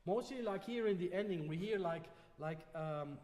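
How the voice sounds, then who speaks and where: Male masterclass teacher with a slightly high voice; patient, encouraging, recorded with long hall reverb. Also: normal speed, a little mellow. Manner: patient, frequently checks in with "yeah?". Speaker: trumpet teacher. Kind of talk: masterclass coaching.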